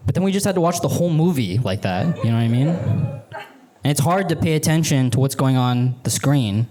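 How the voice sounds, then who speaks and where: A man's voice: mid-range voice, animated, moderate pace, dark tone, a little hiss or hum. A young man from Vancouver doing a stand-up set in a rambling, sheepish way, full of "like" and "you know". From Canada, Vancouver. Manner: rambling, filler-heavy, sheepish. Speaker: stand-up comedian. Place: comedy theater stage. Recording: live club with audience laughter.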